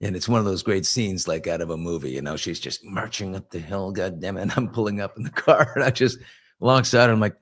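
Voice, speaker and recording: Middle-aged male host, lower voice, relaxed morning chat, animated storyteller, reads viewer comments. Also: fast talker. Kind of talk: casual live morning chat.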